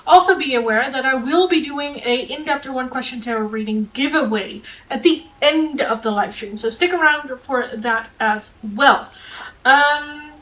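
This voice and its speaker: A young woman with a fairly high voice talks casually to her live-stream viewers as a tarot reader. She is candid and chatty, swears freely and laughs often. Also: moderate pace, fairly bright tone, low-quality recording.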